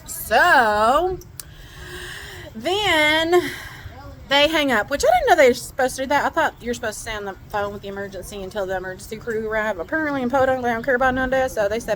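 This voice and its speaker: A woman telling a ranch story in a casual vlog, animated and laughing, shouting out the quoted lines. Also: high-pitched, a little fast, a little hiss or hum, low-quality recording. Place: outdoors on a ranch.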